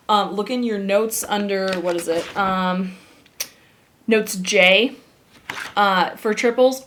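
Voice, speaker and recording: A woman teaching a grammar lesson with upbeat, animated energy and quick bursts of excitement. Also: mid-range voice, a little hiss or hum. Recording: echoey room.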